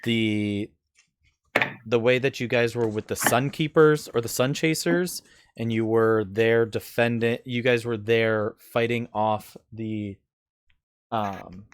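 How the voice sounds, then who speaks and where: Brief: man as game master, slow and unhurried, dry close sound. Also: medium pitch, dry recording. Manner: relaxed, rambling narration with fillers. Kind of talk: narrating a tabletop game.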